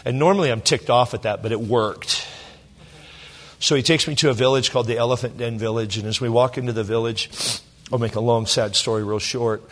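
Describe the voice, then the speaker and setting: A middle-aged man from Southern California, a pastor telling a personal story in a sermon, emotional and halting with many restarts. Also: mid-range voice, steady tone, fairly bright tone.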